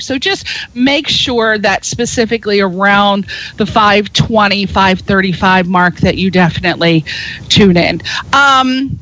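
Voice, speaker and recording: A woman's voice: fairly high pitch, bright, forceful tone. A woman hosting a radio talk show, chatty and rambling as she gives web addresses and introduces guests. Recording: dull lo-fi radio broadcast.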